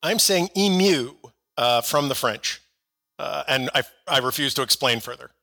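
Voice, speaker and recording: A man's voice: medium pitch, steady tone, moderate pace, gravelly, pushed and bright. A man on a comedy podcast panel, rambling through jokey overstatements in casual chat.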